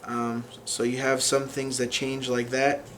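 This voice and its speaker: A man talks through a language lesson at a slow, deliberate pace, and his voice sits at an ordinary middle pitch. He stops often to think, filling gaps with "um" before each new example. A faint background hiss runs under the recording. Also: completely flat delivery, fairly bright tone. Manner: unhurried, many fillers and restarts while explaining. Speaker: language teacher.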